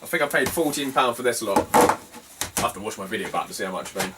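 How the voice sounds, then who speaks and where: A man's voice: fairly low pitch, fast talker. A man, chatting casually in a vlog about hunting for retro games at car boot sales, laughing often and swearing offhand. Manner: chatty, laughs often, swears casually, animated when telling a funny story. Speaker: retro game collector vlogger. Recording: somewhat distant mic, faint ambient noise.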